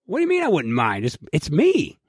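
A man's voice: on the high side, brisk, husky, no room sound, studio quality. A man hosting a podcast, talking in casual, profane banter and acting out quoted lines. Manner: animated, profane, acts out quotes. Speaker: podcast host.

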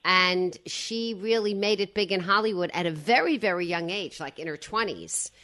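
Woman radio host, hoarse throaty low voice, chatty, digressive. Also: moderate pace, a bit bright. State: hoarse from a slight cold. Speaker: radio talk show host. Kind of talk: casual radio chat.

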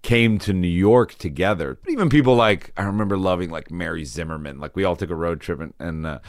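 A man's voice: sits low, brisk, dry recording, studio quality. A man as an interview guest, talking casually and self-deprecatingly with many fillers and restarts.

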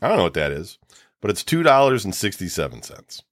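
A man with a lowish voice that swings up and down a lot as he rants in casual podcast chat. He swears freely and sounds close and dry, with no room around him. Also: a little fast, dry recording. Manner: ranting, animated, swears freely. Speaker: podcast co-host.

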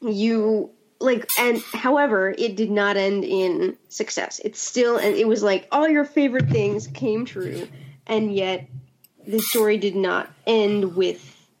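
A woman's voice: mid-range voice, slow, darkish tone, low-quality recording. A woman in a casual film discussion, talking thoughtfully and searching for her words.

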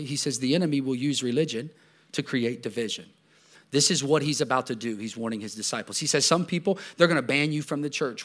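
A middle-aged man preaching a sermon as pastor, talking conversationally and swinging between loud bursts and hushed asides, often restarting and repeating words. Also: on the high side.

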